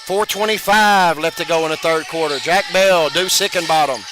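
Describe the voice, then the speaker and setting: High-voiced man calling high school basketball. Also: music in the background. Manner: brisk call that jumps up loud on big plays. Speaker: play-by-play announcer. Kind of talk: play-by-play commentary. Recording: broadcast over loud gym noise.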